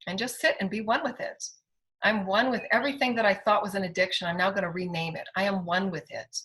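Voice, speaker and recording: A woman's voice: mid-range voice, steady tone, fast talker, a bit bright, low-quality recording. A middle-aged woman, a spiritual healer, giving an inspirational spoken monologue in an emphatic way and repeating affirmations.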